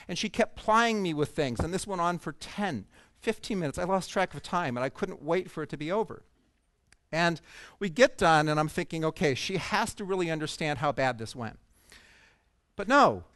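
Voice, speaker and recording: At a coaching event, a man gives a storytelling keynote from the stage, sharing a personal story with humor before an audience. His voice is a little high and fairly bright, with no echo.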